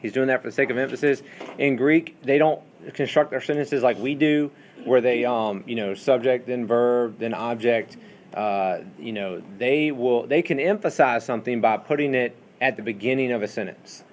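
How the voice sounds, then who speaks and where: Bible teacher, man, mid-pitched, conversational lecture in a classroom with light noise. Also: normal speed. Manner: conversational, asks the class questions, many fillers.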